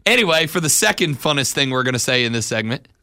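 Bright-voiced teasing sports radio host, male. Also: mid-range voice, quick pace, dry recording, studio quality. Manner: teasing, animated hype. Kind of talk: sports talk radio banter. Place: radio studio.

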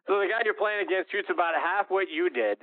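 A man's voice: high voice, no echo. A man hosting a radio interview who leads the guest with conversational questions. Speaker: radio show host. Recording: dry narrow phone-line sound.

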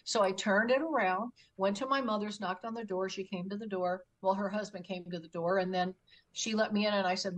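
A woman's voice: medium pitch, fairly quick, low-quality recording. Older woman telling a vivid story. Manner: animated storyteller who acts out her own quotes. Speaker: guest, UFO experiencer. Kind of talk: storytelling interview.

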